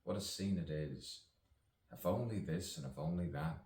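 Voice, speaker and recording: A man's voice: rumbling low, normal speed, darkish tone. A man improvising spoken-word poetry, musing and playful, with chuckles between lines. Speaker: actor and poet. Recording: roomy sound from a distance.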